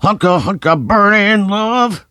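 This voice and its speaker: A man voicing a drunk, sweaty man who howls a rock-and-roll song in a high, drawn-out croon. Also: fairly bright tone, no echo, studio quality, full character voice. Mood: belting. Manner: howling, drawn-out singing.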